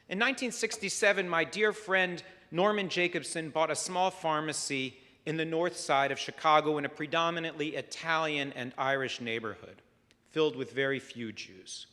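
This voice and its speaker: A man preaching a sermon as rabbi, measured and reflective, weaving stories into his message. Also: a little high, bright, forceful tone. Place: synagogue sanctuary. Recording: long hall reverb.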